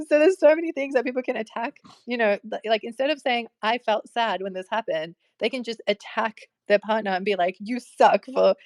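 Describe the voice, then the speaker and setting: A woman's voice: on the high side, a little fast, dry recording. A young woman talking casually about relationships, chatty, with many fillers and frequent laughs. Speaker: host. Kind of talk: casual advice talk.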